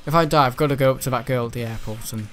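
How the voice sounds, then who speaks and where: A man giving rambling, chatty gameplay commentary, laughing often and breaking into excitable outbursts. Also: medium pitch, very fast. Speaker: gaming channel host.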